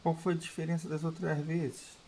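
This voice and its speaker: Guy streaming, quick offhand reactions, bit high voice, noise behind. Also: flat delivery, warm tone. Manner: short offhand remarks. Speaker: gaming streamer. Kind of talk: casual reactions over gameplay.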